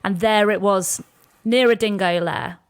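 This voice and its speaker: A woman co-hosts a history podcast and recounts events like a story. Her voice sits at an ordinary middle pitch, and her delivery is conversational. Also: a little slow, clean tone. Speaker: podcast co-host. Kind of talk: casual history podcast chat.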